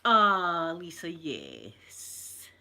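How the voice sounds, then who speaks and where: A woman's voice: lowish voice, wildly swooping pitch, drawn-out words, pushed and bright. A middle-aged Scottish woman, an ASMR streamer chatting casually, telling rambling stories and reading out viewer comments. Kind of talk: casual live chat.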